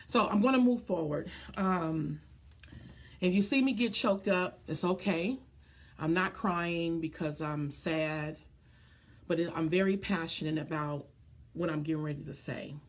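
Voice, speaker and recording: Woman, business coach, live stream, earnest, greets viewers, ums and restarts, lowish voice.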